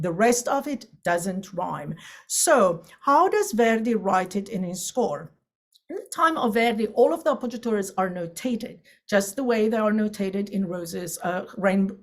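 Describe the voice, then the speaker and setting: A woman teaching an online opera lesson, explaining with quick asides and breaking into sung and recited Italian examples. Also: medium pitch.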